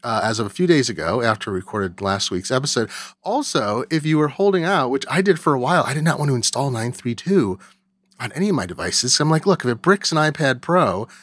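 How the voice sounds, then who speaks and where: A man in his forties hosts a tech podcast at a mid pitch, chatty and a little hesitant with filler words. His voice is close and dry on a studio mic. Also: lively intonation, fairly quick, fairly bright tone, dry recording. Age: 40s. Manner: conversational, hesitant with frequent "uh" and "um". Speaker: podcast host. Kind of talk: casual chat.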